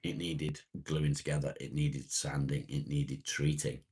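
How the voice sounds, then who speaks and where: Very deep husky man chatting. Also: flat delivery, a little mellow. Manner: unhurried, rambling, greets chatters by name. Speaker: live-stream host reading viewer comments. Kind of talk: casual morning live chat.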